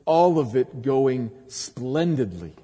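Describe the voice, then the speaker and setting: Male pastor, dramatic sermon delivery, husky mellow voice, church with long reverb. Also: sing-song, slow pace. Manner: dramatic preaching with sharp swings from loud emphasis to low, quiet lines.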